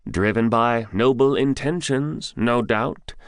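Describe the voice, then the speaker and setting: A man's voice: medium pitch, sing-song, unhurried, no room sound, clean studio sound, pitched above the performer's own voice. A man playing a barking, sarcastic general. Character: sarcastic, brusque balding male general.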